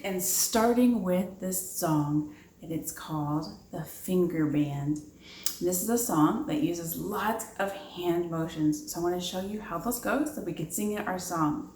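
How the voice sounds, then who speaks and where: A woman's voice: fairly low pitch, measured pace, darkish tone. A children's librarian leading a preschool storytime, upbeat and chatty, asking the little ones questions as she explains. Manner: upbeat, talks to young children, asks questions. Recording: echoey room with background noise.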